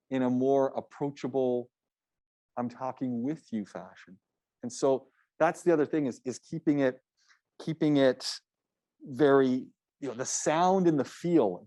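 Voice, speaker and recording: A man's voice: mid-range voice, mellow, no room sound. Man coaching a public speaking class. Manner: conversational, restarts often, coaching tone. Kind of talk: classroom feedback talk.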